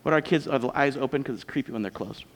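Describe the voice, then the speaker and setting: Talking fast at a medium pitch, an American man preaches a sermon as a pastor, casual and joking throughout. The recording comes from a church auditorium and has the long reverb of that hall.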